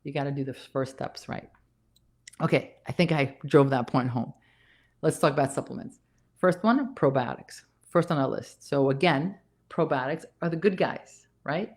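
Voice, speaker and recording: Her voice is low and a little mellow, at a moderate pace. She's a nurse practitioner delivering an informal talk on health, stressing and repeating the main points while a bit breathless.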